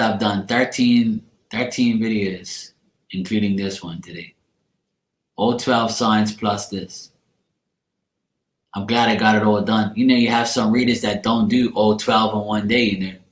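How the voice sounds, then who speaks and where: Blunt, joking male tarot reader, roomy sound. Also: lowish voice. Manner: blunt, joking, swears casually. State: tired at end of long day. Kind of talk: casual live-stream chat with viewers. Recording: roomy echo.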